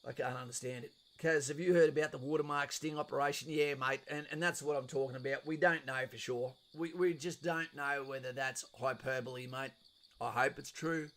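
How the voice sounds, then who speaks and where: A man's voice: mid-range voice, fairly even intonation, fairly quick, a bit bright. A middle-aged man with an Australian accent hosts a casual live stream, reading out viewers' chat messages and answering them in a blunt, chatty way with casual swearing.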